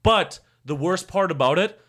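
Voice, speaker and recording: Animated young man rambling. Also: high-pitched, normal speed. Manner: rambling, animated storytelling with many restarts. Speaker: podcast co-host. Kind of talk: casual podcast chat.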